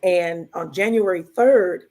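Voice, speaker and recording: A woman's voice: fairly low pitch, slow, darkish tone. A woman co-hosting a podcast, telling a personal story casually and quoting the dialogue as she goes. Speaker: podcast co-host.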